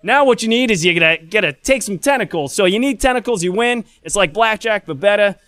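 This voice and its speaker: A man putting on a loud New Jersey accent to play a pushy male boardwalk barker pulling people to a booth. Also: high-pitched, expressive, fairly quick, dry recording, clean studio sound, voice pushed up. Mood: brash. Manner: brash, pushy sales patter.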